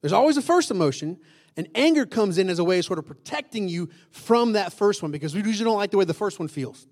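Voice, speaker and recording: A man's voice: sits high, lively intonation, fast, darkish tone. A man preaching a sermon to a congregation in a conversational style, often asking the room questions and repeating key lines for emphasis. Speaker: pastor.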